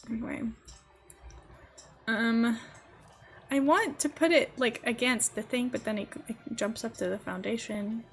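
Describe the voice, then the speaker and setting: A woman's voice: on the high side, slow, long pauses, pushed and bright, soft background music. A young adult woman streaming, chatting casually and giggling as she rambles to her viewers while she builds. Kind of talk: casual live-stream chat.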